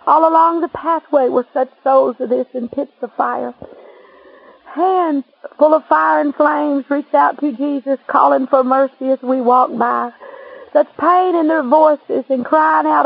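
Woman narrator, high gravelly voice, earnest religious testimony reading, dull lo-fi recording. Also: steady tone, measured pace, no room sound.

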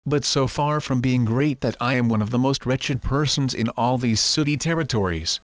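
A man's voice: mid-range voice, moderate pace, dry recording, lightly acted. Man doing a miserable damned philosopher, lamenting, full of regret, dry close sound. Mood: remorseful. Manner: lamenting, remorseful. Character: wretched remorseful damned male philosopher.

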